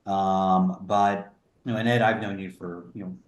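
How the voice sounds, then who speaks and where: A man in his sixties, speaking as an interview guest over a video call in an earnest, sober, halting way. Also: sits low, little pitch movement, echoey room. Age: 60s. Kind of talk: interview conversation. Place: remote room in a small town.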